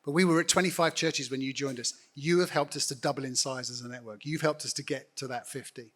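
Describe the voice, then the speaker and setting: A man's voice: mid-range voice, steady tone, quick pace, a bit bright. A middle-aged man, a church network leader speaking earnestly and directly to a congregation in an on-stage interview. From United Kingdom. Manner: earnest, direct, appealing to the audience.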